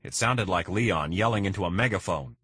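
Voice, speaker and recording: A man narrating a first-person crime thriller in a steady, measured reading. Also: sits low, husky, dry recording. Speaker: audiobook narrator.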